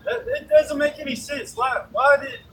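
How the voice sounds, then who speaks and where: Very high-voiced man talking outdoors. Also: fairly even intonation, normal speed. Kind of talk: casual discussion. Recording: distant outdoor mic, street noise.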